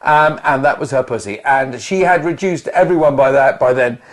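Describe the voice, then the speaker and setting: A man co-hosting a casual podcast, telling anecdotes in an animated way with frequent restarts. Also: medium pitch, moderate pace. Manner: animated storyteller, many restarts. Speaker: podcast co-host, actor.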